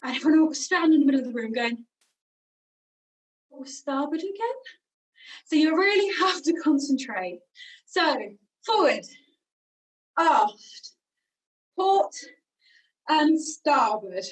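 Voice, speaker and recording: A woman with a British accent and a high voice leads an energetic warm-up game, walking around the room as she calls out moves. She sounds slightly out of breath, and her voice is picked up from a distance from the mic. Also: measured pace, long pauses. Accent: British English. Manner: energetic, moving around while instructing. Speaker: singing workshop leader. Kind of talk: leading a warm-up game over video.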